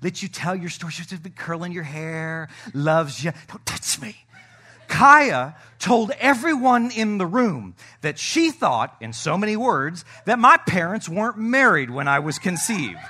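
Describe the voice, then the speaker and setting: A middle-aged male pastor preaching a sermon, joking with the congregation and swinging between loud shouting and soft asides. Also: high-pitched, sing-song, measured pace, hardly any pauses.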